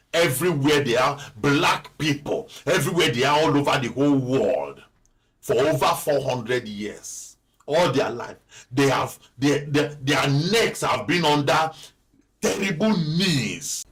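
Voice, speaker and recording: Higher-voiced man preaching fervently. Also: fairly bright tone. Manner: preaching with repetition, building to impassioned prayer. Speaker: pastor. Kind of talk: sermon.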